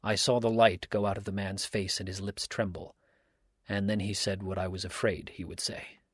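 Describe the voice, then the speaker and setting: Narrator: male, lower voice, dry close recording, steady audiobook reading. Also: normal speed, breathy edge, dry recording. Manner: steady, earnest storytelling.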